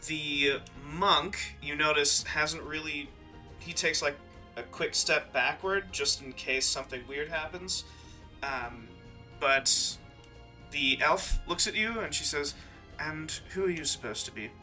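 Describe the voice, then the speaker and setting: A man narrating as dungeon master in a tabletop game, relaxed and full of hesitant ums. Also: on the high side, slow pace, soft background music.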